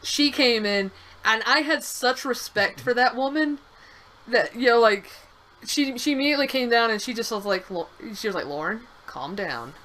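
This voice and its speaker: A woman's voice: a little high, normal speed, a bit bright, low-quality recording. A young woman co-hosting a game stream, telling a rambling story with restarts and the odd swear. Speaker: streamer co-host. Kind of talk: casual chat over a game stream.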